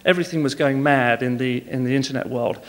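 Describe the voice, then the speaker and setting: A man's voice: mid-range voice, fast, in a large hall. A man speaking at a conference, telling frank, wry business anecdotes.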